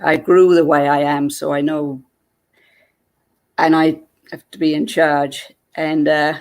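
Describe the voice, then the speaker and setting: A woman, a guest, telling a personal story in a lively way and acting out what people said. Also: deep voice, slow pace.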